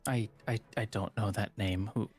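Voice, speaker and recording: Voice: medium pitch, steady tone, normal speed, darkish tone, slightly rough, no room sound, faint music behind, voice pushed down. A game master voicing wary paladins who question a suspect with suspicion. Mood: suspicious.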